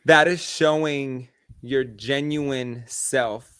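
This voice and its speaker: A man co-hosting a podcast, chatting casually and telling animated stories with acted-out voices. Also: medium pitch, very slow, smooth, no room sound, clean studio sound. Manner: animated storyteller acting out voices. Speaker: podcast co-host. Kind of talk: casual chat.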